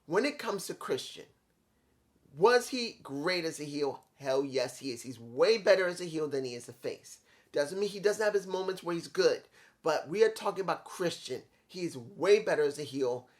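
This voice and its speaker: A man's voice: a little high, lively intonation, normal speed. Emphatic opinionated man reviewing wrestling. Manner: opinionated, repetitive, emphatic rants. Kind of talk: solo video review.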